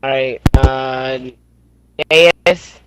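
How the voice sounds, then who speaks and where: A man running a roll-call vote in a casual group voice chat, joking as he goes and a bit hoarse. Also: medium pitch, fairly even intonation, very slow, a little hiss or hum, low-quality recording.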